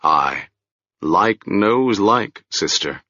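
A man voicing a stern, calm male wizard who speaks in a grave, measured, gentle way. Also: on the low side, dry recording, lo-fi sound, exaggerated voice.

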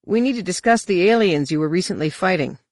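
A narrator putting on a calm male Jedi leader who speaks in a measured, courteous way. The voice sits in a middle register and is recorded dry and close. It belongs to a storybook reading. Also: medium pitch, no room sound, lightly acted. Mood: earnest.

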